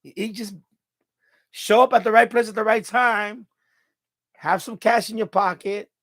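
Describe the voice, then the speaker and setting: A man's voice: high voice, steady tone, unhurried, a bit bright, no room sound. A middle-aged man hosting a live stream, telling stories in a rambling, casual way, laughing often and repeating himself. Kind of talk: casual storytelling monologue.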